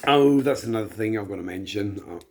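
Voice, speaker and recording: A man's voice: fairly low pitch, brisk, vocal fry, a little mellow. A middle-aged man, tipsy, rambling chattily and self-deprecatingly in a casual monologue. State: tipsy from drinking. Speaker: vlogger.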